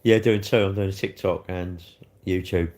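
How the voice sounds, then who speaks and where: A man chatting casually with viewers on a livestream, bantering as he reads comments, his throat a little hoarse. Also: sits low, fairly even intonation, unhurried, a little mellow. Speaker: livestream host.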